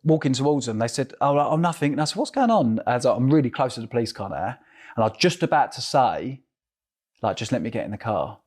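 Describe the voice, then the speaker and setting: A man's voice: mid-range voice, lively intonation, fast talker, a little mellow, husky. A middle-aged man with an Essex accent, an interview guest telling his story animatedly and acting out the voices of others. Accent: Essex English. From England.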